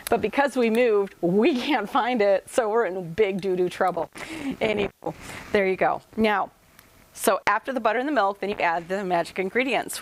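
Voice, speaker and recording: A woman's voice: mid-range voice, slight background noise, low-quality recording. A woman giving a home cooking demonstration in a kitchen, talking to viewers in a chatty, folksy and playful way.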